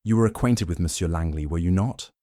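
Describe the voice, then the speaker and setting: A man voicing a polite, probing older detective in an audiobook, smooth and gently insistent. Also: deep voice, a little fast, no echo, clean studio sound, close to an everyday voice. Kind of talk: audiobook character voice.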